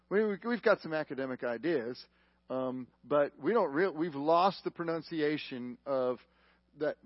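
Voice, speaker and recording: A man's voice: on the high side, no echo, muffled recording. A man teaching the Bible to a live congregation, often asking the room questions and pressing his points with emphasis.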